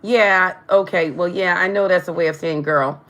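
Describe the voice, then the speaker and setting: Brief: woman tarot streamer, lower voice, chatty, tongue-tied. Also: normal speed, fairly bright tone. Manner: stumbles over words, tongue-tied; chatty, addresses viewers directly. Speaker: tarot reader. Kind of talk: live-stream tarot reading.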